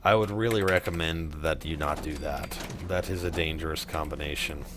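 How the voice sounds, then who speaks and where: A man's voice: extremely low pitch, fairly even intonation, normal speed, noisy background. A man doing casual let's play commentary, sarcastic and profane, talking with his chat while he plays. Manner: profane, sarcastic, chatting with viewers. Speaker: streamer playing a game.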